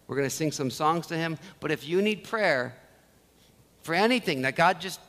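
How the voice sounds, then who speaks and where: A man preaching to his church with a high, bright voice. He is animated, acting out the prayers he quotes and repeating his key phrases to drive them home. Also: normal speed. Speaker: pastor. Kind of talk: sermon. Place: church sanctuary.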